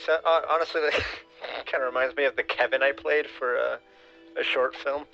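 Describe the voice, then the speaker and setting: Hesitant man with a bright, dull-toned voice. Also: medium pitch, fairly even intonation, creaky, soft background music. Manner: halting, hesitant, many fillers. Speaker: podcast co-host. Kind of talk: casual chat. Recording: dull lo-fi sound.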